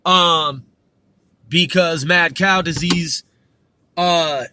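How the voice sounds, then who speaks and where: A man's voice: a little high, extremely slow, sharp tone, slight background noise. A man hosting a podcast, telling a story in a rambling, profane way with many restarts. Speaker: podcast host.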